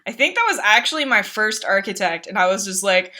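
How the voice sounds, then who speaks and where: A woman streamer in casual chat, telling game stories with frequent laughs and swearing, acting out her own outbursts. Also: a little fast. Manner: animated storytelling, laughs often, swears, acts out her own outbursts in a high voice.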